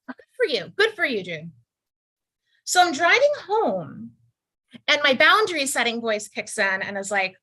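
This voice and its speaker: With a slightly high voice at moderate pace, a comedian in her thirties delivers a stand-up routine via video call. She performs animatedly, acting out quoted characters in exaggerated, big-swinging voices.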